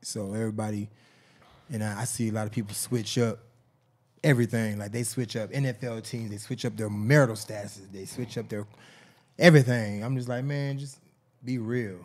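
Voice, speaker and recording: A man's voice: fairly low pitch, fairly even intonation, brisk. A man in a casual podcast chat, speaking frankly and plainly.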